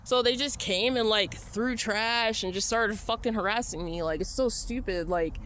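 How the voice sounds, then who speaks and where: A woman's voice: medium pitch, moderate pace, few pauses, a bit bright, a little hiss or hum. A woman from California, rambling anxiously and swearing into her phone outdoors at night. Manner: rambling, frightened, swears a lot. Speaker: vlogger. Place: outdoors at a car wash at night. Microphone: phone held while talking.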